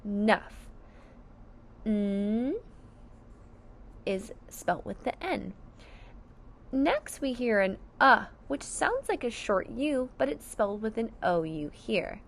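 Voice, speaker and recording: A woman's voice: a little high, expressive, slow pace, creaky, pauses often, a little hiss or hum. A woman teaching a phonics lesson to young children, sounding out each word syllable by syllable with careful enunciation.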